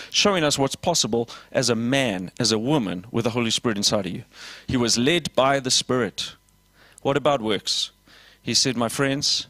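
A man preaching a lively sermon as pastor, voicing little dialogues and asking the congregation questions. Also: mid-range voice, no echo. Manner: animated preaching with acted dialogue and audience questions.

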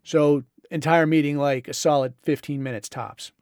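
A middle-aged man speaks in a casual storytelling voice, slightly high for a man. He drifts through his anecdote in a relaxed, conversational way and shifts into voices when he retells what others said. The sound is dry and close, with no room echo. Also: normal speed. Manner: laid-back, conversational, drawls and mimics others in retold dialogue. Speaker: podcast host.

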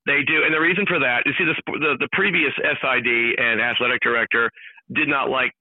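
Energetic man on a tinny phone line. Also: medium pitch, no echo. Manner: energetic, rapid, jokey. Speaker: guest, sports play-by-play announcer. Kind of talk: animated storytelling chat.

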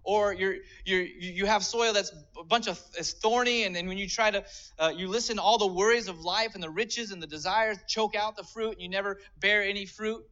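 High bright-voiced man preaching. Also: a little fast, dull audio. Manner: earnest teaching, explaining scripture step by step. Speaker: pastor. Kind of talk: sermon.

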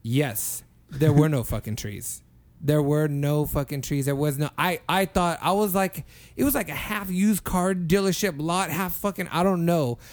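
A man's voice: on the high side, moderate pace. A man telling a long story casually among friends, swearing a lot and acting out the people in it. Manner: animated, profane, acts out dialogue. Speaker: podcast co-host telling a story.

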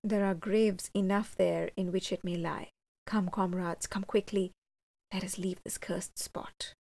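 A woman's voice: medium pitch, fairly even intonation, unhurried, creaky, darkish tone. A woman voicing a terrified, superstitious male soldier in an audiobook, speaking urgently and fearfully.

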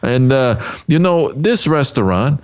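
A man's voice: mid-range voice, lively intonation, unhurried, no echo, studio quality, close to an everyday voice. A man playing an easygoing restaurant promoter in an improvised comedy commercial, hesitant and full of fillers. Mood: laid-back. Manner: laid-back, hesitant, filler-heavy.

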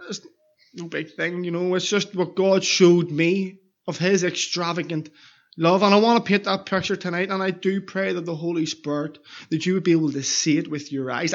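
A man's voice: high-pitched, highs cut off. A man preaching an evangelistic sermon in a church, earnestly pleading with repeated questions.

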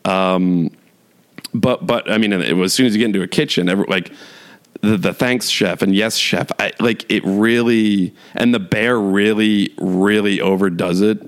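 A man's voice: fairly low pitch, fairly even intonation, moderate pace. Rambling man in a casual rant. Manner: rambling, lots of "like" fillers and restarts, laughs while talking; mocking, exasperated rant. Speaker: podcast host. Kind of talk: casual solo chat.

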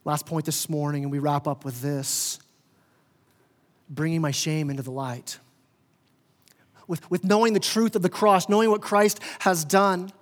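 A male pastor preaches in a high, lifting voice, surging loud and then sinking quiet, repeating words as he builds. His voice carries a long reverb in a church hall. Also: a little slow, pauses often. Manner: impassioned, rising and falling in volume, stammering restarts. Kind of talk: sermon. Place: church sanctuary.

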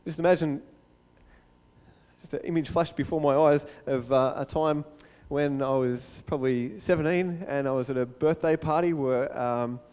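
A man preaching a sermon as a pastor, telling the story in a lively way and acting out the scenes. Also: fairly high pitch, moderate pace, clean tone, long reverb tail. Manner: animated storytelling, acts out the scene.

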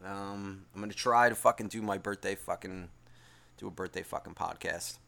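A man's voice: sits low, normal speed, creaky, sharp tone. A man hosting a solo podcast who reads out listener email, then rambles and swears heavily as he gets worked up. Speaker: podcast host.

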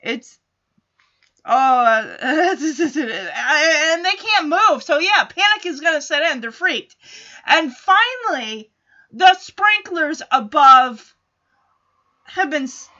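A woman's voice: high voice, expressive, slow pace, sharp tone, dull audio. A woman recapping an old TV show in casual chat, talking in a chatty, wry way.

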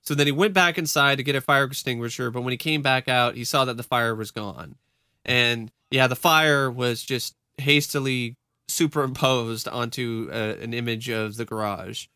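A man's voice: medium pitch, normal speed, pushed and bright, clear, resonant tone, no echo, clean studio sound. A man co-hosting a podcast, chatting casually and animatedly, often laughing and restarting his words. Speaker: podcast co-host. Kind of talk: casual chat.

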